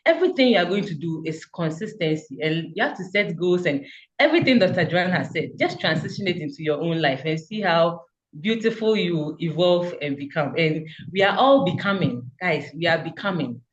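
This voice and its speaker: A woman's voice: on the low side, animated, normal speed, highs cut off. A woman giving a fervent, encouraging testimonial about her community, speaking over a video call. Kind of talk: earnest motivational speech.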